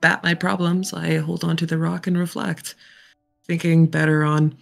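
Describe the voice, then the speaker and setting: A woman playing her character in a tabletop role-play game, speaking in a gentle, measured, earnest way. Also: low-pitched, flat delivery, vocal fry. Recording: faint music behind.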